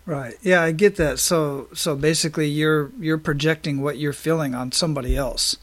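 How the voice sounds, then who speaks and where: A male host leads an interview with a somewhat raised pitch. He backs up his guest and works out his own thoughts aloud, restarting phrases as he goes. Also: fairly even intonation, normal speed, fairly bright tone. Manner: affirming, thinks aloud with restarts. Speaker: podcast host. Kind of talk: conversational interview.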